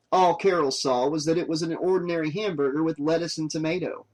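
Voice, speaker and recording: A man's voice: on the high side, fairly even intonation, quick pace, hardly any pauses, darkish tone, low-quality recording. Man reading an audiobook aloud. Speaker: audiobook narrator. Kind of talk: scripted narration.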